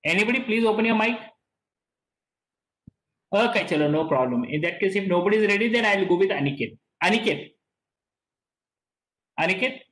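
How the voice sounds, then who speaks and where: A middle-aged man with an Indian English accent teaches an online class in a high, lively voice that swings up and down. He repeats himself and leans on key words. The sound carries a noticeable room echo. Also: a little fast, long pauses. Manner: repeats words, stresses key words, mixes in Hindi.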